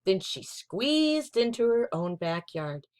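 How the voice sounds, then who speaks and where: A woman's voice: medium pitch, big pitch swings, slow pace, clear, resonant tone. A woman hosting a children's storytime, reading a picture book aloud.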